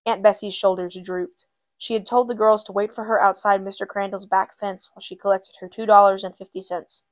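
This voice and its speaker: A woman narrating a novel in a measured, steady way, in audiobook style. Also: medium pitch, no room sound.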